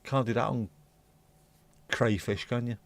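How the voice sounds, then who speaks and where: A livestream host chats casually and bluntly, rambling through viewer comments and swearing here and there. His medium-pitched voice is steady in tone and a little slow.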